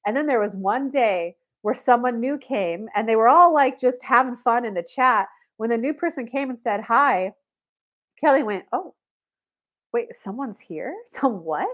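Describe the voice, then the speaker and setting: Speaking at a normal speed with a fairly high voice, a spiritual reader and coach narrates a livestream tale in which she refers to herself in the third person. She performs the quoted lines of each character with lively energy.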